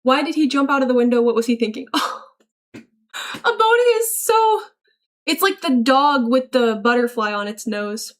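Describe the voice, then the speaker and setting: High-voiced woman reading stream chat. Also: fairly quick, few pauses. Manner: chatty, reacts aloud while reading messages; swears freely, frequent laughter. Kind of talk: casual livestream chat reading.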